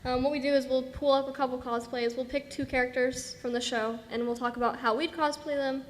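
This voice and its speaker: A woman's voice: high voice, steady tone, a little fast. A young woman hosting a convention panel, chatty and rambling, laughing often. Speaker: panel host. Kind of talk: live convention panel talk. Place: large convention hall. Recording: hall reverb.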